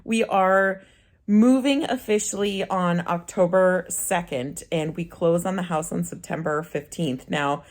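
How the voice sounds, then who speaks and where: A woman with a low voice talks to her camera in a relaxed, chatty vlog. She tells a personal story, laughing easily and restarting her sentences as she goes. She sounds like she is in her thirties. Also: measured pace. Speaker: vlogger. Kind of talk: casual chat to camera.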